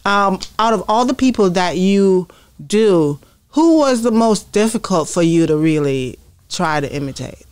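Woman interviewer with halting questions. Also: medium pitch, expressive, a little mellow, clear, resonant tone. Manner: hesitant questioner with frequent fillers. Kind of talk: casual interview chat.

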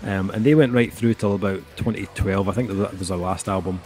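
His voice is lowish and darkish, fairly quick, with fairly even intonation. A middle-aged man co-hosting an album review, he talks casually and meanders, relying heavily on fillers like "um" and "kinda."

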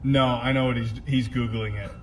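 A man in a filmed clip, commenting in a hushed, urgent way on someone nearby. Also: medium pitch, steady tone, moderate pace, far from the mic.

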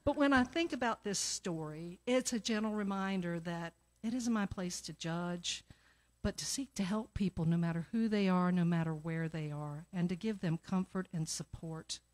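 A middle-aged woman in a church sanctuary, telling a lively personal story that leads into the offering and acting out the voices of the people in it. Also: fairly low pitch, normal speed. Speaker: church member giving the offering talk.

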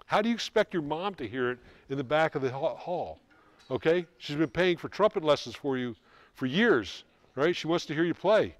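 A middle-aged man runs a school band rehearsal with brisk, joking energy. He counts off, sings the rhythms back and teases the players. His voice sits a little high and sounds close and dry. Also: lively intonation, dry recording. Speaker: band clinician.

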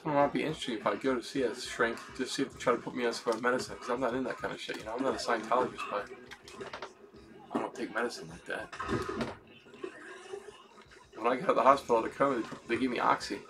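A man's voice: medium pitch, steady tone, fast talker, long pauses. A man giving casual gameplay commentary, swearing and muttering to himself as he plays. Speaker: gaming YouTuber. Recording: game music playing loudly behind.

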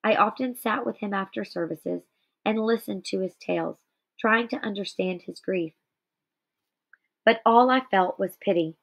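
A woman's voice: medium pitch, a little slow. A tired, yawny woman teacher doing a guided reading aloud, with explanations to her students. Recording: slightly dull lo-fi recording.

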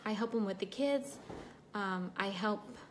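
A woman's voice: mid-range voice, measured pace, slight background noise. A woman chatting casually on a livestream, reading viewer comments while she does her makeup, emotional about her broken foot. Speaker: livestream host.

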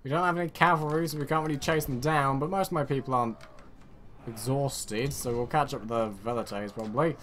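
A British man from the United Kingdom giving rambling, excitable game commentary with sarcastic asides. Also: medium pitch, a little fast, slight background noise. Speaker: let's play gamer.

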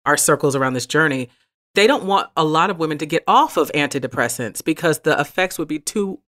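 A woman co-hosting a podcast speaks in a deep, low voice. She reacts bluntly and with open indignation in casual chat. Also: lively intonation, a little fast, a bit bright. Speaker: podcast co-host.

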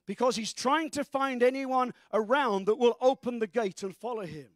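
A man preaching a sermon as pastor, fervent and breaking into shouts. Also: extremely high pitch, normal speed, no echo, clean studio sound.

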